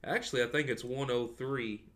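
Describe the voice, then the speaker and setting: A man's voice: medium pitch, fairly even intonation, moderate pace, fairly bright tone. A man in his thirties co-hosting a podcast, laid-back, reading items aloud and chatting. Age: 30s. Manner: laid-back, reads items out to the other host. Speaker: podcast co-host. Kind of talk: casual chat.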